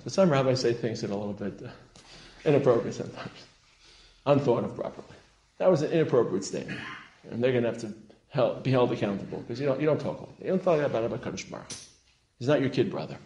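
A man lecturing to a congregation as a rabbi, passionate and emphatic, sprinkling Hebrew terms and rising to loud peaks. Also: medium pitch. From Israel. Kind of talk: sermon-style lecture. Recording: roomy hall echo.

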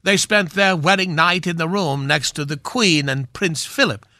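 A man playing a pompous, knighted swashbuckling film star of a certain age, speaking in a grand, drawn-out theatrical manner on a radio comedy bit. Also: a little high, pushed and bright, dry recording, studio quality. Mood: droll grandiose.

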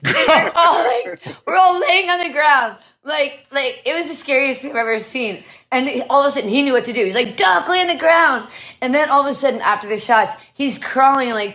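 A woman tells a story in a casual chat with friends. Her voice is slightly high, and her delivery is loose and full of fillers. She laughs easily as she talks. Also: a bit bright. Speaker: guest.

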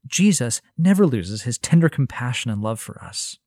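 A man's voice: medium pitch, sing-song, moderate pace, darkish tone, no echo, studio quality. A man giving a conversational Bible teaching, earnest and thinking aloud, often restarting his phrases. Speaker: Christian teacher.

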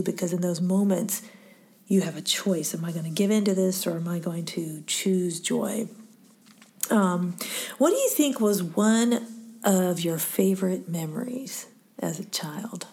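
A middle-aged woman hosts a faith-based interview in a warm, mellow voice. She speaks softly and often sinks into a breathy near-whisper. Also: lowish voice, unhurried. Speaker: podcast host interviewing her daughter.

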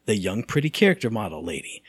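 A middle-aged man talks through a gaming podcast in a rambling, self-amused way, circling back and restarting as he goes. His voice sits at an ordinary pitch for a man, and it is recorded dry and close, with no room sound. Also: sing-song, quick pace, husky, dry recording. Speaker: podcast co-host. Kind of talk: casual gaming podcast chat.

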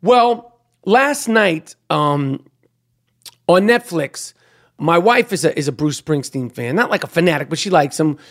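A man's voice: fairly high pitch, lively intonation, a little slow. A middle-aged man hosting a podcast in a casual monologue, talking bluntly and profanely and rambling with frequent restarts. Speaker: podcast host.

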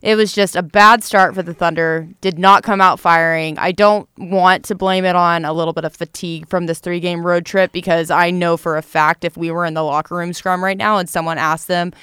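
A woman co-hosting a casual sports podcast, chatty and quick to laugh. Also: lowish voice, fairly even intonation, fairly bright tone, clear, resonant tone, no echo, studio quality. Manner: giggly, conversational. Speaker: podcast co-host.

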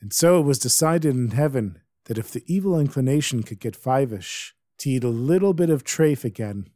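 A man's voice: mid-range voice, lively intonation, normal speed, mellow, no room sound. Man telling a tale, dry close sound. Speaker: storyteller.

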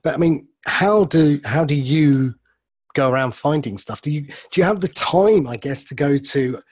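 A man asks questions in an easygoing, rambling way, circling back and restarting. His voice is a bit husky and the sound is dry and close. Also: on the high side, lively intonation, moderate pace, no echo. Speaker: interview host. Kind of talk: casual interview questions.

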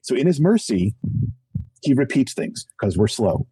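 A man's voice: mid-range voice, very animated, warm tone, breathy edge, poor audio. A middle-aged man, a podcast guest, telling his faith story in an emphatic, preachy way with self-deprecating humor. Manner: emphatic and preachy, acts out quick voices. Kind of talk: animated conversational testimony.

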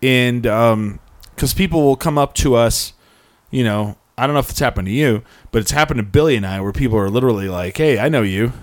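A man's voice: mid-range voice, fairly quick, hardly any pauses. A man telling an anecdote on a casual web show. He rambles, restarts his sentences and circles back to his point in easy chatter. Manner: rambling storyteller, frequent restarts. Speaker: podcast host. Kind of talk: casual chat.

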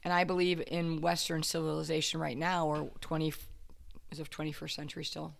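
A man in a casual faith discussion, talking reflectively and haltingly, often restarting his sentences. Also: on the high side, flat delivery, gravelly, fairly bright tone.

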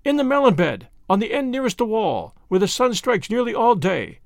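A tiny feather-brained male bird chirps in a shrill sing-song, fawning and boastful, as a male narrator puts him on. His voice leaps high and lively, with a gravelly edge, in a dry close recording. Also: normal speed, no room sound, heavily acted. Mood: excited chirping. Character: tiny excitable male tailorbird, boastful singer.

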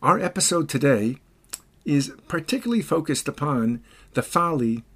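Male podcast host, slightly high voice, dramatic and emphatic storyteller. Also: animated, normal speed. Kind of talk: scripted commentary and storytelling.

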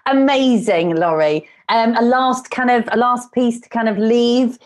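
A woman's voice: on the high side, unhurried. A woman hosting a podcast interview, enthusiastic and affirming. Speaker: podcast host. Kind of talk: casual interview chat.

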